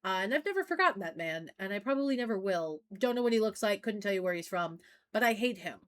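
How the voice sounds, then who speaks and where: A woman's voice: mid-range voice, animated, quick pace. A woman co-hosting a podcast, telling a rambling story in casual chat with lots of fillers and restarts. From not from Maine. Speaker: podcast co-host.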